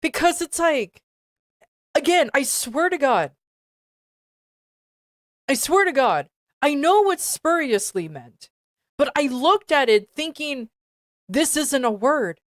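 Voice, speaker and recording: Woman, streamer, reading fan fiction aloud, high animated voice, unhurried, dry close sound. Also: no echo. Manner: stumbling over words, exasperated.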